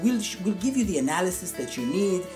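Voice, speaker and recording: A woman's voice: fairly low pitch, big pitch swings, quick pace, echoey room, over music. A woman co-hosting a comedic football podcast, ranting in an indignant, sarcastic, theatrical way. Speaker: co-host and football analyst. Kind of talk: comedic sports podcast rant.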